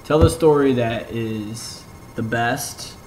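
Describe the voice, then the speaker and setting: A woman's voice: rumbling low, slow, a little mellow, soft background music, poor audio. Playful teasing young woman vlogger. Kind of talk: casual chat.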